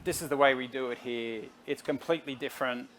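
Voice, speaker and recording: Persuasive man, mid-level pitch. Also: quick pace, a little hiss or hum. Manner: energetic, persuasive, talks to the audience directly. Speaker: guest CEO. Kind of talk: conversational stage interview.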